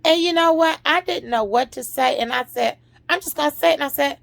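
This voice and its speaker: A middle-aged woman telling an emotional personal story in a slow, dramatic way, sometimes dropping to a hush. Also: high voice, gravelly, no room sound. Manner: slow, dramatic, drops to a hushed near-whisper at emotional points.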